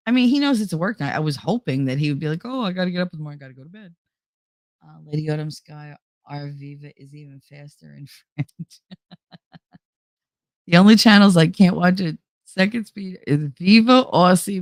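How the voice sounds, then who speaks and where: Feeling unwell, a female host tells a story on her show in a casual, lively way, quoting the dialogue as she goes. Her voice sits low, and the sound is dry and clean, studio-grade.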